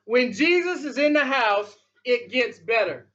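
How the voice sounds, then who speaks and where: A man with a very high, sharp, bright voice delivers a sermon, hammering points home through repetition and sudden drops in volume. The recording sounds dull and lo-fi. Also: expressive, measured pace, few pauses. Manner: emphatic, repetitive preaching with big swings in loudness. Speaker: pastor.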